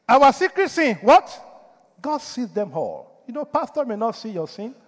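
High, lively preaching man in a reverberant church. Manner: emphatic preaching with rhetorical questions to the congregation. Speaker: pastor. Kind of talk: sermon.

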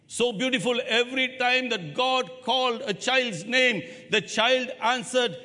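A male pastor preaching to his congregation, his voice bright and forceful and set a little high. He leans on rhetorical questions and dramatic pauses. A long reverb trails off each phrase in the hall. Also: lively intonation. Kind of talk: sermon.

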